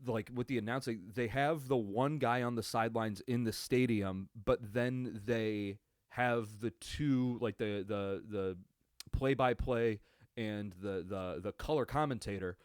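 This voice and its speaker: Speaking at medium pitch in a smooth, measured way, a young man runs a solo sports podcast from his computer at home, recorded via webcam. The sound is clean, like a studio with no room sound. His casual delivery rambles, includes swearing, and is full of fillers and restarts.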